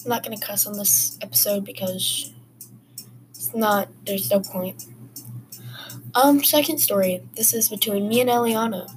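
A woman's voice: mid-range voice, unhurried, pauses often, faint music behind, low-quality recording. A woman hosting a casual podcast, telling personal stories in a rambling, chatty way full of fillers. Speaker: podcast host. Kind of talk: casual storytelling.

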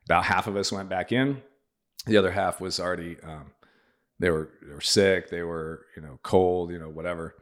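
A middle-aged man with a very low, deep voice, telling a story in a loose, chatty way. He acts out the lines other people said as he goes. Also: steady tone, moderate pace. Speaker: podcast guest. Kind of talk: casual storytelling.

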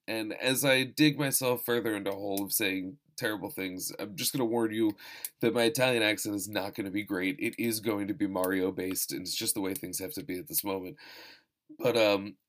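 A man hosting a casual film-review talk, rambling and self-deprecating, with profane asides and frequent restarts. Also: fairly low pitch. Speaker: podcast host reviewing films. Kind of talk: casual chat.

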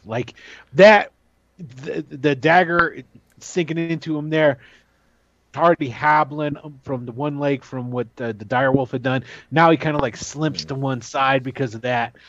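A man's voice: medium pitch, no echo, lo-fi sound. A man narrating and running a tabletop role-playing game in a casual, chatty way. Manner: casual, chatty, with many restarts. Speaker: game master.

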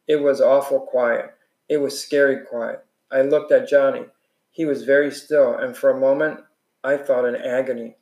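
A man reads a novel aloud in an earnest, steady way, now and then restarting a phrase. His voice sits at a middle pitch, and the room around him is echoey. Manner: earnest reading with small restarts.

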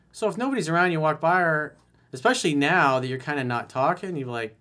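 A man giving blunt dating advice, reading a listener's letter aloud and reacting to it, acting out lines with sudden soft asides. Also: mid-range voice, animated, quick pace. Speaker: dating coach.

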